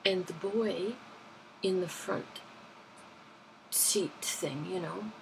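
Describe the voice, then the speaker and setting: A woman's voice: on the low side, drawn-out words, vocal fry, noisy background. A woman from London, telling everyday stories in a rambling, chatty way that keeps correcting itself. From London, England. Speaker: vlogger. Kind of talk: casual anecdotal storytelling.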